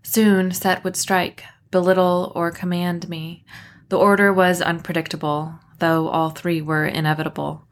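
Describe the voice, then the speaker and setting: A woman author reading her own novel aloud in a measured first-person narration. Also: on the low side, level tone. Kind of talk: audiobook narration.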